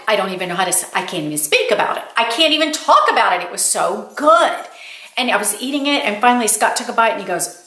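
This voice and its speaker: Chatting casually with her viewers and addressing them as y'all, an older woman lifestyle vlogger shares stories. She has a medium-pitched, sharp-toned voice, and the recording carries a roomy echo.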